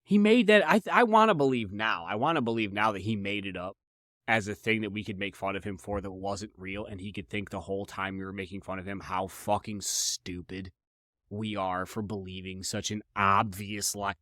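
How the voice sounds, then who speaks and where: A young man with a fairly low voice tells stories the way he would among friends. He curses freely, restarts sentences and repeats himself for effect. His voice sounds close and dry, with no room around it. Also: normal speed, dry recording. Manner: profane, animated, repeats himself. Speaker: podcast host. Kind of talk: casual comedic storytelling.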